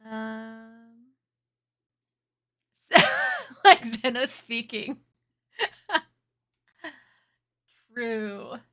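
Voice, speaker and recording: Giggly female streamer, bright, fairly high voice, casual chat with viewers. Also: huge pitch swings, drawn-out words, pauses often. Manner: giggly, laughs often, flustered and chatty.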